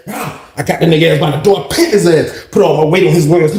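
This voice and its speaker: A man recounts a story in an animated, foul-mouthed way, acting out the lines of everyone involved. His voice sits somewhat high. The room around him rings with echo. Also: quick pace, few pauses. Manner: animated, acts out the other people's lines; swears constantly. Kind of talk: casual storytelling. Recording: echoey room.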